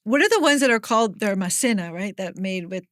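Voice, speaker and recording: A woman's voice: medium pitch, lively intonation, a little fast, fairly bright tone, dry recording, studio quality. An American woman hosting an interview podcast, chatting with enthusiasm and laughing often, then reading a scripted outro. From United States. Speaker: podcast host.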